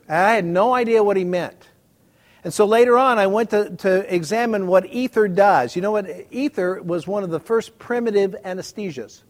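A man's voice: sits high, moderate pace. A middle-aged man preaching a sermon and reading scripture, talking conversationally with joking asides to the congregation. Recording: echoey hall reverb.

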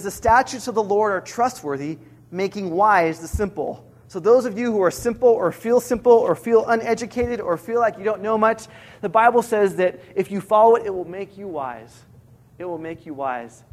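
A middle-aged man preaching a sermon, earnest, slowing down to repeat each key point for emphasis. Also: high voice. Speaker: pastor.

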